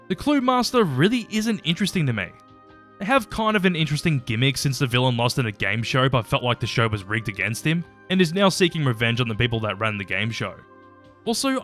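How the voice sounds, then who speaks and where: A man's voice: mid-range voice, a bit bright. A man giving a casual, opinionated episode-by-episode review, chatty and sometimes swearing. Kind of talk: casual commentary ranking episodes.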